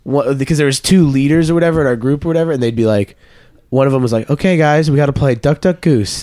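A man's voice: medium pitch, fast talker. A young man in a studio, telling a funny story in casual chat, acting out voices and laughing often. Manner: animated, acts out voices in his stories, laughs often. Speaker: comedian guest. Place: radio studio.

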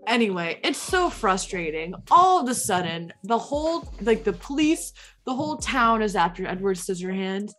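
A woman's voice: medium pitch, very animated, moderate pace, a bit bright. A woman retelling a movie plot in casual chat, rambling with lots of likes and uhs, and gushing about it.

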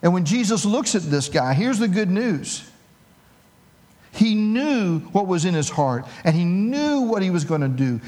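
Delivering a sermon, a middle-aged male pastor tells a personal anecdote full of lively, self-deprecating humor. His voice is high-pitched.

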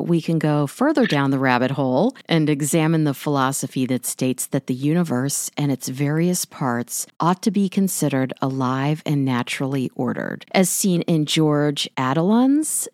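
A woman's voice: low voice, moderate pace, few pauses, darkish tone, no room sound, studio quality. A woman interviewer reading out curious, prepared questions.

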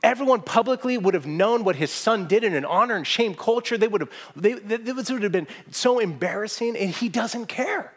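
A man preaching a sermon to a room, earnest and emphatic, climbing to strong peaks and dropping to soft, hushed asides. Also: high-pitched, expressive, fairly quick, hardly any pauses. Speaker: pastor. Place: church hall with audience.

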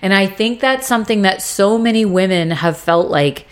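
Speaking at a normal pace in a mid-range voice, this young woman co-hosts a podcast and chats casually through a TV series recap. She gets animated, performing scenes and cursing as she goes.

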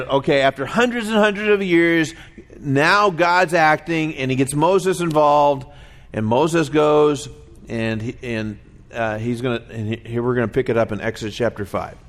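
A middle-aged man preaching a weekly sermon in a conversational way, acting out the voices of people in his stories. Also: fairly high pitch. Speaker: pastor.

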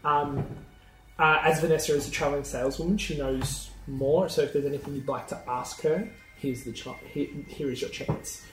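Male game master, chatty, laughing narration, a touch high, distant mic, roomy echo. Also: steady tone, normal speed, music in the background. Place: room shared with players around a table. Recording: echoey room, mic at a distance, faint noise.

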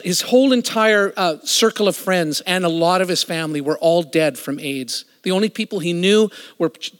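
Middle-aged guy preaching, kinda high voice, big hall echo, goes loud then quiet. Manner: emphatic, swings from loud to hushed. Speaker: preacher and worship musician. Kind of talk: storytelling sermon. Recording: echoey hall reverb.

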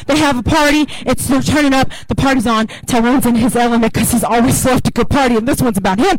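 A woman's voice: fairly high pitch, fast, few pauses, noisy background. A woman pastor preaching a sermon in a casual, humorous storytelling way.

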